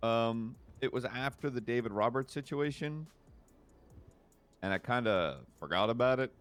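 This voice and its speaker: A man's voice: medium pitch, animated, normal speed, fairly bright tone, clear, resonant tone, faint music behind. A man in character as a police officer, telling a story in casual, profane roleplay chat. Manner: casual, swears a lot, storytelling.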